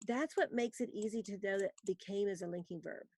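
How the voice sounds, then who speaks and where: A woman teaching a recorded grammar lesson, explaining patiently and reading example sentences slowly for students to write down. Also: medium pitch, dark tone.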